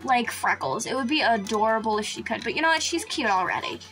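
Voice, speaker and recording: A woman with a fairly high voice hosts a let's-play commentary. She gushes, gasps and squeals often, and slips into playful laughter. Soft music sits faintly underneath. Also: animated, fast. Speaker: gaming channel host.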